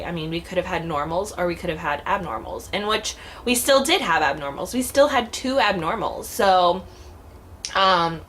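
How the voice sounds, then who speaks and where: Woman, 30s, casual vlog, chatty, rambling, heartfelt, lowish voice. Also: a bit bright, a little hiss or hum. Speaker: vlogger. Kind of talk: casual vlog talk to camera.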